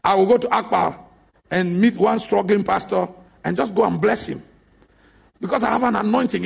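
Raspy, gravelly-voiced preacher man. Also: high voice. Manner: emphatic, storytelling preacher who bursts into shouts. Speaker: pastor. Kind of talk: sermon.

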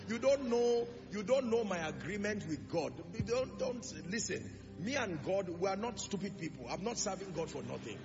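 Male preacher, high and gravelly, emphatic sermon delivery, echoing church hall with music underneath, dull lo-fi sound. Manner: emphatic preaching with rhetorical questions. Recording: reverberant lo-fi hall recording with music.

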